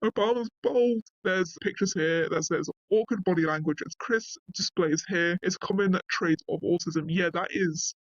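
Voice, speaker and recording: A man's voice: high-pitched, moderate pace, few pauses, fairly bright tone, no echo, dull audio. A man reading passages from an online article aloud and reacting to them bluntly in casual commentary, cursing now and then.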